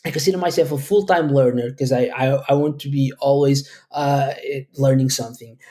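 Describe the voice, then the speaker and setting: A man's voice: mid-range voice, steady tone, brisk, dark tone. A man from Portugal, answering interview questions at length in a thoughtful, rambling way with frequent restarts. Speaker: guest, educator.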